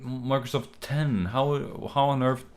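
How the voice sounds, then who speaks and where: A man's voice: medium pitch, fairly even intonation, slow, darkish tone. A young man streaming on his own, rambling and exasperated, full of fillers and restarts. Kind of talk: casual solo stream talk.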